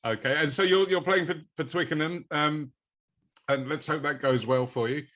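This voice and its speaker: A man's voice: fairly high pitch, moderate pace, fairly bright tone. A man interviewing a guest, asking questions in a friendly, easygoing manner. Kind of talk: casual interview.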